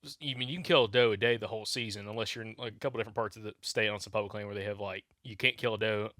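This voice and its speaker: Bright-voiced man explaining hunting rules. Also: fairly low pitch, steady tone, very fast, no room sound, clean studio sound. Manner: explains plainly, with many fillers. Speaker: podcast co-host. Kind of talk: casual hunting podcast chat.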